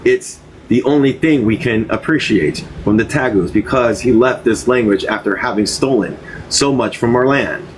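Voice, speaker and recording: A man's voice: mid-range voice, low-quality recording. A man with a mid-range voice reads a long speech aloud, often tripping on words and backing up to correct himself. A faint hum sits behind his voice. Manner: halting, stumbles and restarts words. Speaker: reader of a translated speech. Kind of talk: reading a text aloud.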